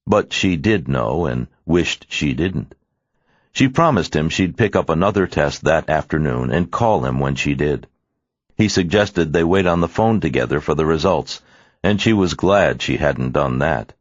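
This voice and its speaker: A man narrating an audiobook with expressive storytelling, in a dry, slightly muffled studio recording. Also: rumbling low, a little slow, no room sound. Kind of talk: scripted narration.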